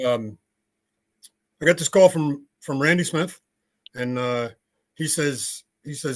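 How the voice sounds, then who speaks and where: A man's voice: a little high, takes it slowly, pauses often. Blunt older man telling his story. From United States. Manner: blunt, conversational, with frequent fillers. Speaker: podcast guest. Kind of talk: storytelling interview. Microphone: video call.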